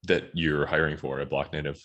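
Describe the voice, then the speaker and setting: A man's voice: a bass voice, level tone, a little fast, fairly bright tone, dull audio. A man hosting a podcast interview, asking questions in a loose, rambling way. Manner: easygoing, rambling, frequent likes. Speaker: podcast host.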